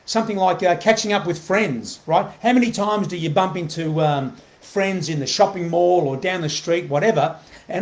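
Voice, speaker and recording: A man's voice: sits high, normal speed, soft background music. A man hosting a motivational live video, talking earnestly and often checking in with a questioning "right?", repeating phrases as he goes. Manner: earnest, keeps asking "right?" to the viewer; repeats himself, many fillers and restarts. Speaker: motivational host.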